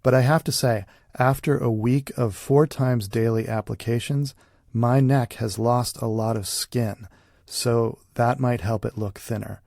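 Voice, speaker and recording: Gravelly man reading a deadpan parody ad. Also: medium pitch, unhurried, dry recording, studio quality. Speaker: podcast host. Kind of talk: parody ad read and hosting.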